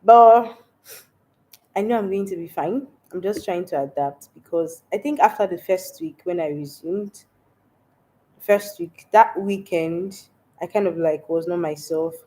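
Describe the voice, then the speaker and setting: A woman's voice: lowish voice, normal speed, dark tone. Stuffy-voiced Nigerian woman chatting live. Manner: chatty, laughs often. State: stuffy voice from a cold. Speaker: livestream host. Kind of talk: casual livestream chat reading comments.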